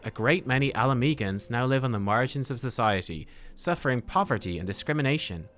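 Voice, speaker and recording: A man voicing an earnest, formal young male scholar, reading game dialogue in a measured, old-fashioned way. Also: medium pitch, fairly bright tone.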